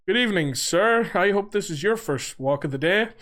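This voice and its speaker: A man's voice: sits high, expressive, normal speed, a bit bright, voice pushed up. A man putting on the voice of an overly courteous police officer to make a joke. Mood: mock polite. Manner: mock-courteous. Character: polite male police officer, sarcastic.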